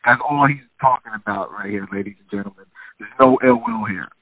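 A man's voice: lowish voice, fairly quick. A man co-hosting a podcast, agreeing along and adding joking asides to the listeners. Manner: affirming, joking asides to the audience. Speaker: podcast co-host. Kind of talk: casual chat, backing up the storyteller. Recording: dry, phone-like narrow sound.

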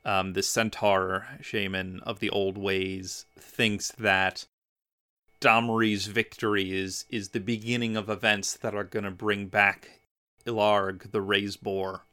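Bright, smooth-voiced man chatting. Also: on the low side, takes it slowly. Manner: animated, acts out quotes in mocking voices. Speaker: podcast co-host. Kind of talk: casual fan discussion.

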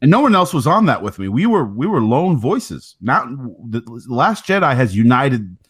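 A man's voice: mid-range voice, big pitch swings, moderate pace, fairly bright tone, husky. A man co-hosting a podcast in casual chat, often stammering through restarts and laughing hard. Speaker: podcast co-host.

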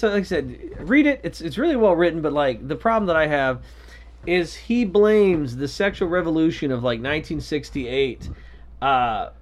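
A man co-hosting a casual podcast chat, rambling and exasperated, sometimes bursting into shouts. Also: a little high. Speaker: podcast co-host.

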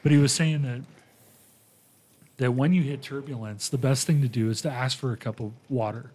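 A man on a casual podcast, telling a long story in a mid-pitched voice. He acts out the lines of the people in it and keeps the retelling lively. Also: normal speed, breathy edge. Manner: animated retelling with quoted voices. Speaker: podcast host.

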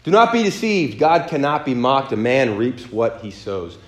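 A man leading a sermon as pastor, reading scripture aloud slowly and then preaching in a lively, joking way. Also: mid-range voice.

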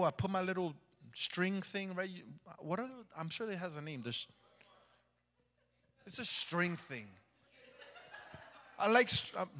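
A man's voice: sits high, pushed and bright, in a large hall. A man giving a conversational sermon testimony in a church, calling out to the congregation for amens. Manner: conversational preaching, asks for amens. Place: church sanctuary.

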